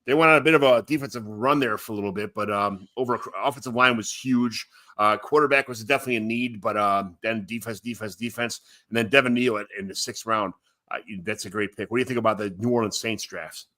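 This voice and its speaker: A man co-hosting a casual sports podcast, reading through lists in a relaxed way with fillers. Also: fairly low pitch, quick pace. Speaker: podcast co-host.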